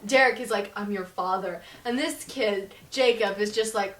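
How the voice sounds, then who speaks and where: A young woman recapping a book's plot in casual chat, swearing freely and tossing off quick impressions of the characters. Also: mid-range voice, background noise. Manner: profane, breezy, slips into quick impressions of characters. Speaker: book reviewer. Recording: echoey room, mic at a distance.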